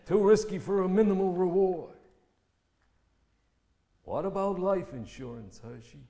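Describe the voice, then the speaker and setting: Guy doing a menacing mob boss, high but dark toned voice, big reverby theatre. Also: measured pace. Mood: cold. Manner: menacing, clipped orders. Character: scheming male crime boss, cold and commanding. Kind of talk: stage play reading.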